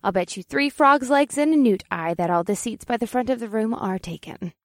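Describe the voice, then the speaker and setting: A woman's voice: a little high, lively intonation, fairly quick, no room sound, studio quality. A woman playing a wry young witch.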